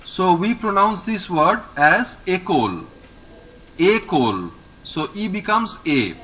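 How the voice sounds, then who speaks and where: A male French teacher with an Indian English accent, patiently repeating each word slowly for a student in an online class. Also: high-pitched, pushed and bright, low-quality recording. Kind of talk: online language lesson. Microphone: video call.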